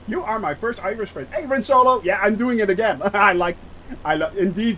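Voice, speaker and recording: A man's voice: high voice, expressive, normal speed, bright, forceful tone, slight background noise. A man streaming a flight simulator and chatting with viewers in a rambling, giggly way, often breaking off to laugh. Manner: rambling, giggly, talks to chat. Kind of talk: live-stream chat with viewers.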